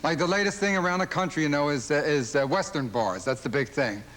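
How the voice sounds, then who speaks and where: Fast-joking stand-up man with a high voice. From Philadelphia. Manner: rapid-fire observational jokes, mimics fans and dog owners in high voices. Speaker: stand-up comedian. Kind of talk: stand-up routine on a late-night talk show. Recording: old television broadcast with loud audience laughter. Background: studio audience laughing.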